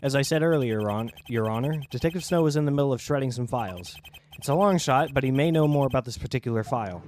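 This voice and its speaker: A man's voice: medium pitch, animated, quick pace, a little mellow, slight background noise, lightly acted. A man reading an earnest young defense lawyer.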